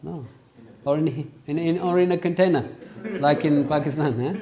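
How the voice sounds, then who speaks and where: Crowd noise can be heard as a man with a fairly high voice teaches at a moderate pace. It's an interactive religious lesson in a classroom, where he questions his students energetically and hammers home emphatic points.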